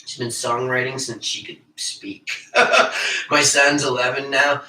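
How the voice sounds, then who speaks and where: A man in his forties rambles on in a loose, profane monologue, excitable and quick to laugh. His voice is very bright and sharp-edged. He sits well back from the mic in an echoey room. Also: mid-range voice, distant mic. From Canada. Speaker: livestream host.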